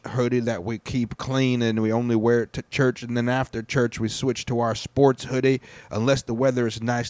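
A man playing a plain-spoken blue-collar working man who rambles slowly. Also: mid-range voice, darkish tone, dry recording, lightly acted.

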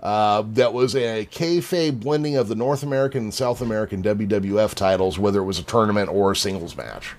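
A man hosting a podcast, telling anecdotes in casual chat, animated and swearing freely. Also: fairly low pitch, a little fast, few pauses. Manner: animated, swearing, laughs at his own story. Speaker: podcast host.

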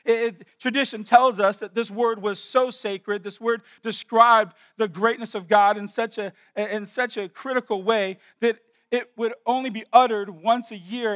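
A pastor with a high, bright voice preaching in a church. His tone is crisp and clear, and he drops to a near hush to stress a phrase, then rises into loud, declaring lines. He dwells on single words with slow, deliberate repetition. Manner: swings from hushed emphasis to loud declaration. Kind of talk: sermon.

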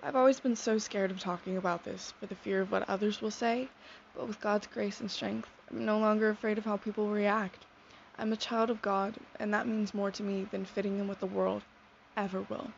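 A young woman in her teens sharing a personal faith testimony in a sincere, soft-spoken, reflective way. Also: mid-range voice, steady tone, normal speed, gravelly. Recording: dull lo-fi sound with faint noise.

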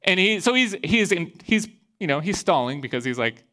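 A pastor from Iowa, a man giving a sermon and telling a personal story in a lively way, acting out the voices he quotes. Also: high-pitched, normal speed. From Iowa, USA.

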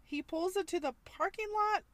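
A woman's voice: extremely high pitch, normal speed. A young woman co-hosting a casual TV recap podcast, playful, with jokey asides and casual swearing. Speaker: podcast co-host.

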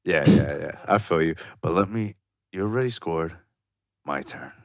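A man's voice: low voice, normal speed, no echo, studio quality. A young man co-hosting a comedy podcast, teasing and defending himself with frequent laughs. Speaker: podcast co-host. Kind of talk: casual comedic banter.

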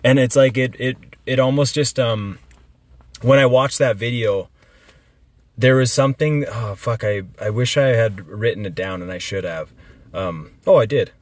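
A man's voice: medium pitch, measured pace, dry recording. A young man in casual podcast chat, talking with emphasis, swearing freely and using lots of fillers. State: recovering from illness.

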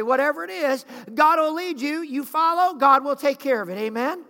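A man's voice: extremely high pitch, normal speed, few pauses, pushed and bright. A man preaching a sermon as pastor, calling on the congregation and acting out voices. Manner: preaching with rising intensity, calls to congregation, acted asides. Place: church sanctuary. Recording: long hall reverb.

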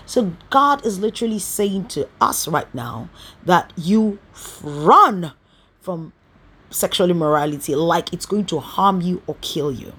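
A woman's voice: fairly low pitch, animated, unhurried, a bit bright, slightly rough. A woman teaching a Bible study, emphatic and fond of rhetorical questions, stressing key words with sudden bursts.

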